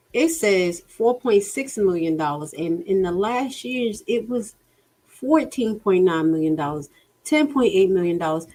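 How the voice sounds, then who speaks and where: An outspoken woman hosts a casual livestream in a mid-pitched voice. She sounds exasperated, swears freely and talks straight to her viewers. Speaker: livestream host reviewing a township budget.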